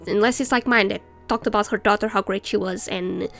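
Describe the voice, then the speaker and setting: A woman's voice: mid-range voice, fairly even intonation, fairly quick, gravelly, fairly bright tone, faint music behind. A woman streamer chatting casually and ranting while she reads game text aloud. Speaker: let's play streamer.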